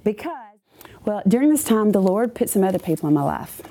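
A woman's voice: mid-range voice, fairly quick. A woman giving a chatty personal testimony to a church congregation, with many asides. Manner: chatty, animated storytelling with asides.

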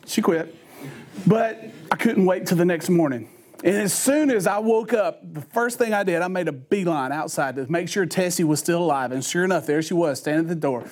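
A man's voice: high-pitched, normal speed, a little mellow. A man preaching a sermon in a folksy, conversational storytelling manner.

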